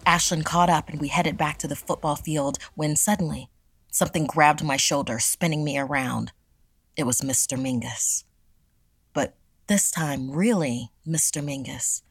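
A woman narrating a scripted horror story in a measured, dramatic way. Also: low voice, breathy edge, dry recording.

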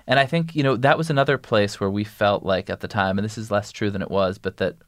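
Man, podcast guest, low voice, rambly and loose, close and dry sound. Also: fast talker, a bit bright, no room sound. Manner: rambling, many restarts and "like" fillers. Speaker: podcast guest, news editor. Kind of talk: casual interview conversation.

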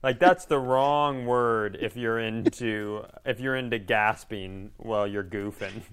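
A man's voice: on the low side, fairly even intonation, a little slow, a bit bright, clean tone. A man hosting a podcast, riffing with jokes in casual chat. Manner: riffing, joking tangents. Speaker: podcast host.

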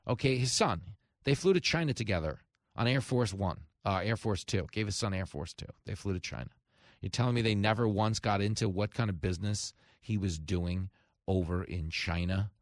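A man hosting a talk radio show, his voice sitting low. He delivers an emphatic, sarcastic monologue and mocks his targets. The studio sound is close and dry. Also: moderate pace, no room sound.

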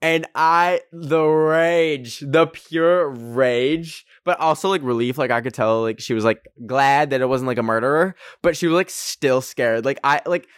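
A man's voice: medium pitch, measured pace, hardly any pauses, smooth, no echo, clean studio sound. A young man from Canada hosting a podcast, telling a casual story with lots of "like" and acted-out quotes. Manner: animated, heavy use of "like", acts out quotes in raised voices. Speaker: podcast host.

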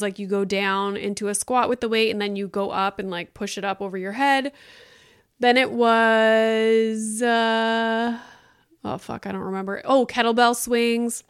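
A woman's voice: fairly high pitch, clean tone, no room sound, clean studio sound. Chatty, foul-mouthed woman podcaster. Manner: chatty, swears freely, fills with "like", acts out her own reactions. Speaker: podcast host. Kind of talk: casual solo podcast chat.

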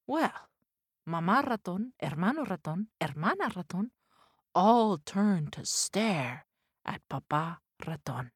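A woman telling a children's folk tale with lively, expressive narration. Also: mid-range voice, takes it slowly, slightly rough, no room sound, clean studio sound, faint music behind. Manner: animated, expressive, mixing in foreign words. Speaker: storyteller. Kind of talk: children's storytelling.

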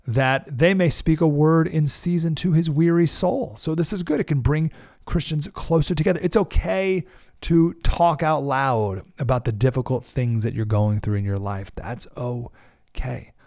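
A man's voice: on the high side, steady tone, unhurried, darkish tone, dry recording, clean studio sound. A middle-aged man hosting a devotional podcast, talking in an earnest, emphatic way and repeating words to stress a point. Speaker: podcast host. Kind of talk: devotional talk.

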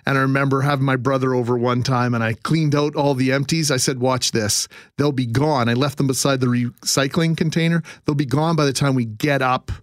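Male radio co-host from Canada, mid-pitched, jokey banter, dry studio sound. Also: fairly even intonation, fairly quick, few pauses, dry recording. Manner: chatty, storytelling, joking. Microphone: studio microphone.

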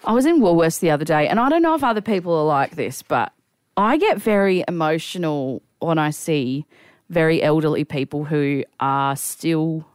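Casting: an woman, lower voice, emotional storyteller, dry close sound. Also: expressive, normal speed, clear, resonant tone, dry recording. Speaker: podcast co-host. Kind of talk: casual chat, storytelling.

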